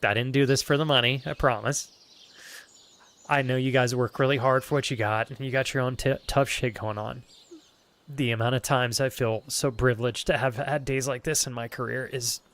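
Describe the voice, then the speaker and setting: A male streamer, choked up and close to tears, thanking his viewers in halting, stammering bursts. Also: mid-range voice, fairly even intonation, fairly bright tone. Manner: halting, restarting, stammering with emotion. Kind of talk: emotional live-stream thank-you to chat.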